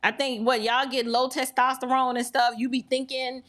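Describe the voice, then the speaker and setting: A woman's voice: high voice, little pitch movement, moderate pace, a bit bright. A middle-aged woman hosting a livestream, chatting in a flustered way straight to her viewers. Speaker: livestream host. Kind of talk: casual livestream chat.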